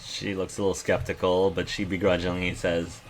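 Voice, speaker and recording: A game master narrating a tabletop role-playing game in an expressive way. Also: low-pitched, normal speed.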